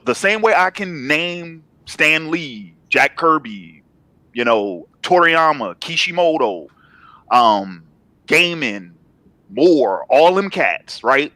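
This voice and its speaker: A man's voice: medium pitch, pushed and bright, dry recording. Laid-back slangy man, dry close sound. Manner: laid-back, slangy, repeats himself when building a point. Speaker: guest, comic writer. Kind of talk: casual interview chat.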